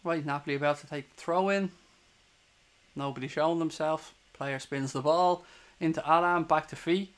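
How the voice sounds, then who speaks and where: A young man with an Irish accent calls a football match pass by pass for a fan stream. His voice sits a little high for a man, and his talk is quick, partisan and full of swearing when the other side annoys him. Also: fairly even intonation, fairly bright tone, clear, resonant tone. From Ireland. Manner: swears hotly at opposing players. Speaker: fan watchalong streamer doing live commentary. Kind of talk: live play-by-play commentary to a stream chat.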